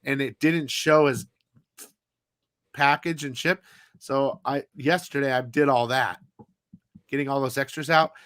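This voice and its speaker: A man's voice: medium pitch, steady tone, a little slow, pauses often, fairly bright tone, no room sound. A man hosting a comic haul live stream, chatting casually in a rambling, profane way. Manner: rambling, profane, loose storytelling. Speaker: comic haul show host.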